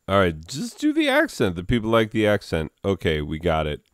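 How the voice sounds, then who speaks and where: A man's voice: low-pitched, wildly swooping pitch, a little fast, smooth, no room sound, clean studio sound. A man, a father, breaking off into casual self-mocking asides while hosting a comedy reading. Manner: self-deprecating, mumbled asides. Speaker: comedic video host, father.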